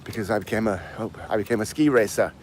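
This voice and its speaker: A man's voice: fairly low pitch, fast, slight background noise. Breathless man rambling on a walk. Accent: mixed English. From England. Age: 50s. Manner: rambling, answers chat comments aloud. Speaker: live stream host. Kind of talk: casual live stream chat. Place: outdoors, walking uphill.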